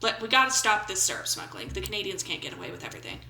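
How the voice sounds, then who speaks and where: Rapid-fire and medium in pitch, this woman's voice swings widely as she, a gaming YouTuber of about twenty-seven, reads a game's questions aloud. Her commentary is playful and goofy, peppered with jokes and quick put-on voices. Crowd noise fills the echoey room on a rough recording.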